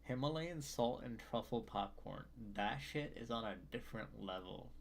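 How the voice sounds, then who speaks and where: Gravelly laid-back slangy man. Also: medium pitch, animated, normal speed, slight background noise. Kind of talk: casual late-night chat.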